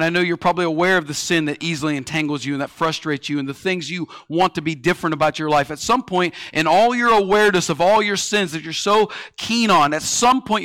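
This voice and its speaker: A man in his thirties preaching a sermon, telling stories and swinging between loud, pressing lines and hushed ones. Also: on the high side, no echo, clean studio sound. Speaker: pastor.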